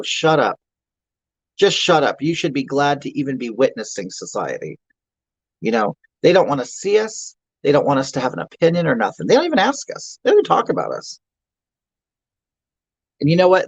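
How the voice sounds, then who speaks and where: A man's voice: on the high side, no room sound, poor audio. A man playing a crude, self-mocking obese middle-aged woman who rambles, stammers and answers chat comments on a comedy livestream. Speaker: livestream comedy character host. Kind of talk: improvised livestream character comedy.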